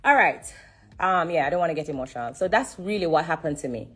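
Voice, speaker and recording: A woman giving an emotional testimony on a live stream, religious and repetitive, pausing to breathe and fight back tears. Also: low voice, expressive, fairly bright tone, breathy edge. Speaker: live streamer sharing her story.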